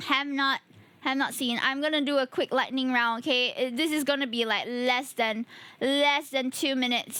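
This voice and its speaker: A woman's voice: high-pitched, fairly even intonation, normal speed, pushed and bright, smooth, dry recording. A tired woman streamer, chatting playfully and addressing her chat. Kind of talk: casual live-stream chat.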